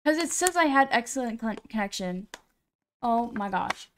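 A woman's voice: a little high, animated, normal speed, slight background noise. A woman live-streaming a game, chatting casually to her viewers in a rambling, self-deprecating way into a computer mic.

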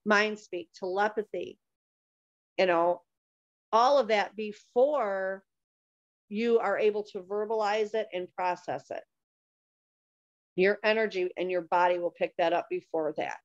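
A woman's voice: mid-range voice, measured pace, pauses often, no room sound. A woman guest on a talk show, explaining things in a patient, teaching manner and giving examples. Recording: dull, dry lo-fi sound.

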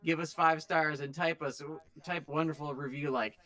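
A man's voice: fairly high pitch, steady tone, normal speed, bright, forceful tone. Joking male podcast co-host. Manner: joking, swearing, promoting the show. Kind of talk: casual chat.

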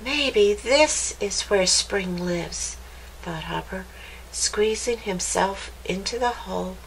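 A woman librarian reading a children's picture book aloud, with gentle, expressive storytelling. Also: medium pitch, a little hiss or hum, rough recording.

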